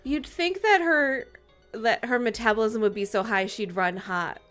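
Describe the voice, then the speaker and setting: A female podcast co-host chatting and reacting with quick jokes about the book. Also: fairly high pitch, fairly bright tone, faint music behind. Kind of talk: casual comedic chat.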